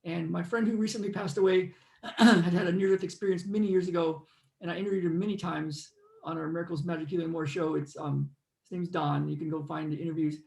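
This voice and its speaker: A man's voice: fairly high pitch, steady tone, fairly quick, vocal fry, a little mellow, echoey room. A man hosting a casual talk, telling meandering, earnest spiritual stories and guiding listeners through a moment of stillness. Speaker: host. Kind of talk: casual storytelling and guided reflection.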